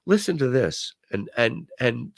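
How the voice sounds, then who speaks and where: A man's voice: medium pitch, sing-song, measured pace, creaky, no room sound. An older man hosting a talk show, telling stories about political speeches and quoting famous lines in put-on voices. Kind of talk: conversational commentary.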